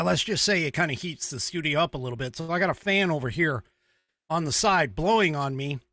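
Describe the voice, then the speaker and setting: A bright, forceful-sounding American man hosts his show in a rambling, chatty way, often chuckling at himself. His voice sits a little high for a man and is recorded dry, close and with no room sound, as in a small studio. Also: no room sound. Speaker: show host. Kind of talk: casual talk show chat.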